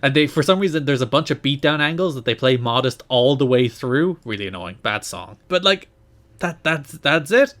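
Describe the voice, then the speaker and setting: Animated laughing male podcast co-host. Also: normal speed. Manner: animated, laughing, jumps high in pitch when exasperated. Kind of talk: casual chat.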